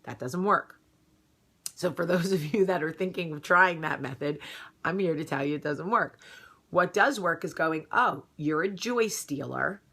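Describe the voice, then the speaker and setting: A woman vlogging in an animated, emphatic way, ranting loudly and then talking more calmly. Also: low voice, normal speed. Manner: animated, emphatic, swings from loud outrage to calmer advice. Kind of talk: casual vlog rant.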